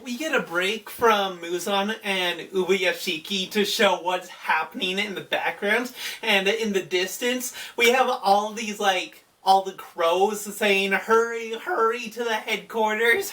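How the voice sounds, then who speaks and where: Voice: medium pitch, pushed and bright, recorded from a distance. An anime fan vlogger recapping an episode in casual, enthusiastic talk full of "like". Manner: enthusiastic, filler-heavy.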